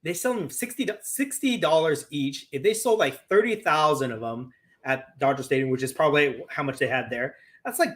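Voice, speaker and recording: A man co-hosting a casual card collecting livestream, telling stories in a rambling, stop-start way with many fillers. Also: fairly high pitch. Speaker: co-host of a card collecting show.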